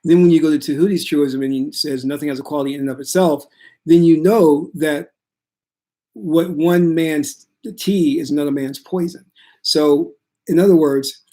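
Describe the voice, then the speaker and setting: Calm man giving a spiritual talk. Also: on the high side. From United States. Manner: calm, steady, reassuring delivery. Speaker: spiritual teacher. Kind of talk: casual spiritual talk to viewers.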